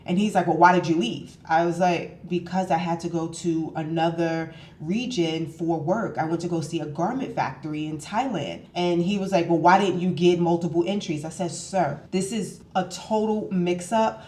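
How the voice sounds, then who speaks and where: A woman with a lowish voice tells a travel story casually from a hotel room, as a vlogger. She tells it animatedly, acting out both sides of the dialogue, and the room sounds echoey.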